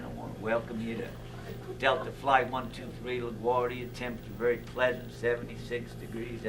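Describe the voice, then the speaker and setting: A man voicing a breezy male airline pilot making a cabin announcement, in a low, calm, quick patter. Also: background noise, lightly acted.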